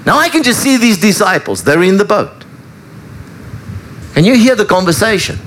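A man preaching a sermon, retelling a story in an animated storytelling manner. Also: high-pitched, moderate pace, slight background noise. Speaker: pastor.

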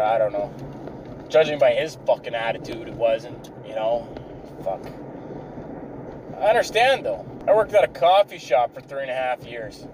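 A man's voice: medium pitch, a little mellow, slight background noise, poor audio. A tired man telling rambling, profane stories about old jobs, from a car. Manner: profane, rambling, self-deprecating. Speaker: vlogger. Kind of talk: rambling storytelling.

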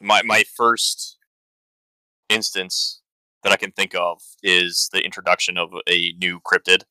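A man co-hosting a podcast, talking in a casual, halting way. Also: low voice, steady tone, pushed and bright, smooth, no room sound, rough recording. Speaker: podcast co-host.

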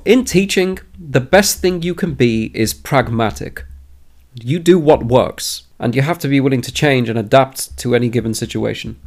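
A man's voice: mid-range voice, a little mellow. A man who is an experienced teacher giving direct advice to new teachers. He speaks emphatically and often restates his key points. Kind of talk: direct advice talk to camera.

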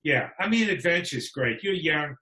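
A man's voice: a little high, lively intonation, normal speed, bright, forceful tone. A man talking as a podcast guest in casual conversation, wry and frank, laughing often. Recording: echoey room.

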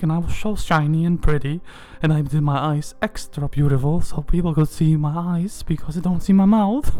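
A woman's voice: warm tone, natural voice. A woman doing a giggly, dreamy diva persona. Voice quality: giggly, breathy laughs, swooping up into high squeals. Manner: rambling, self-absorbed, naive. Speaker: podcast segment host. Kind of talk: comedic monologue segment.

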